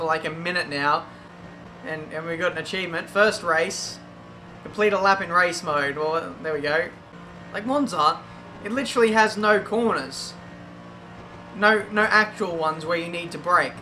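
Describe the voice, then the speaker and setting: A man's voice: high voice, pushed and bright. A young man giving casual, self-mocking commentary while playing a racing game. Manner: chatty, self-mocking, quick exclamations. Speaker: gaming YouTuber. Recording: game audio and engine noise behind.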